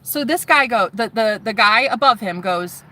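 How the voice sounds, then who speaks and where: A woman's voice: on the high side, expressive, normal speed, sharp tone. A woman vlogger telling a story, sassy and profane, acting out the voices of other people. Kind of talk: animated storytelling monologue.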